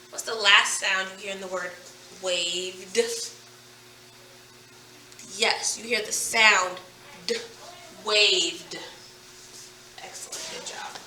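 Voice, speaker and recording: A woman's voice: medium pitch, bright, forceful tone, a little hiss or hum. A woman teaching a phonics lesson, playfully stretching and stressing the sounds in each word. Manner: playful, over-enunciating target sounds. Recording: echoey room, distant from the mic.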